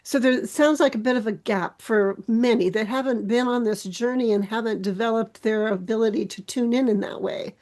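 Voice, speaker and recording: A woman hosting a podcast interview, speaking in a thoughtful, measured way. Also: fairly high pitch, a little mellow. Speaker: podcast host.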